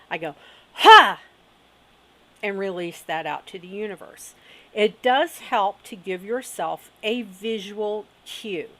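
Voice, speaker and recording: A middle-aged woman talks through a witchcraft lesson at a slow, unhurried pace. She checks in with her viewers often. Her voice sits at an ordinary middle pitch. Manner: unhurried, frequent "okay?" check-ins. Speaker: witchcraft teacher. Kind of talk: instructional video talk.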